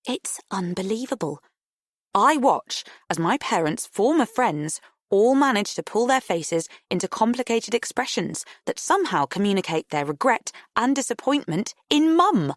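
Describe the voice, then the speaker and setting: A woman giving an expressive, first-person audiobook narration. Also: mid-range voice, moderate pace, no echo, clean studio sound.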